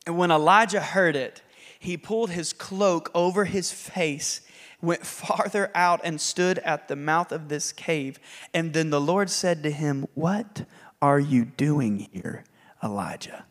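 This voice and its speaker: A man preaching a sermon in an animated way, acting out scripture scenes with laughs. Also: on the high side, unhurried, in a large hall. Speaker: pastor.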